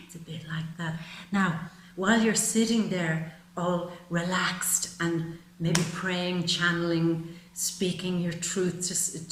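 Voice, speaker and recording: A woman doing a tarot reading to camera, emphatic and soothing, calling the listener "baby" and "my love", sometimes dropping to a soft whisper. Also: lowish voice. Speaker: tarot reader. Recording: roomy with faint ambient noise.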